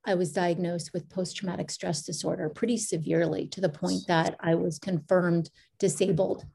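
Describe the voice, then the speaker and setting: A middle-aged woman, a podcast guest, telling her story in a meandering, casual way with restarts and lively quoted asides. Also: lowish voice, normal speed, gravelly, slightly rough.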